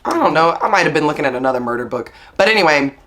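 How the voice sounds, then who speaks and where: A woman talks through her reading list in a casual, upbeat way, with plenty of "like" along the way. Her voice is a little husky, still rough from the morning. She is a book vlogger. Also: sits low, animated, rapid-fire, fairly bright tone. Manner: chatty, upbeat, lots of "like". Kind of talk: casual chat.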